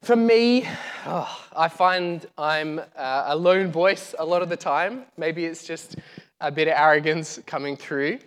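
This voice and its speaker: Higher-voiced male preacher, chatty and joking, on a lapel mic in a reverberant hall. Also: fairly even intonation, measured pace, fairly bright tone, clean tone. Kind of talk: casual sermon. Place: church hall.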